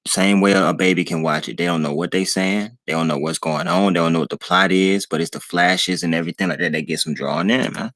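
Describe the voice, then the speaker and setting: A man's voice: sits low, steady tone, a little fast, hardly any pauses, fairly bright tone, dry recording. A man, talking casually to his viewers in a preachy way, repeating himself and calling them y'all. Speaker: channel host.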